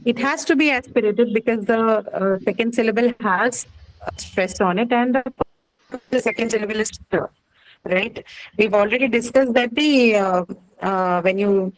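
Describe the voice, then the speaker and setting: A woman's voice: mid-range voice, low-quality recording. A woman teaching phonetics in a classroom, explaining step by step and checking in with "right?". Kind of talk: classroom lecture.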